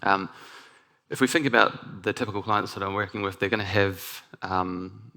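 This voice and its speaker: A man with a New Zealand accent giving a conference presentation, talking in a relaxed way with many ums and restarts. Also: fairly low pitch, moderate pace, creaky. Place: conference stage.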